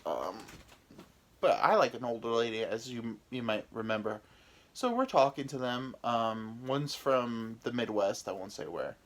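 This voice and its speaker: A man's voice: mid-range voice, animated, unhurried. A young American man spins a long comic anecdote on his podcast, rambling and cheerfully profane, laughing at himself as he goes. He has an ordinary mid-range voice and talks like he is chatting with a friend. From United States. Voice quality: rambling, profane, self-mocking. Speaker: podcast host. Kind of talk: casual comedic storytelling.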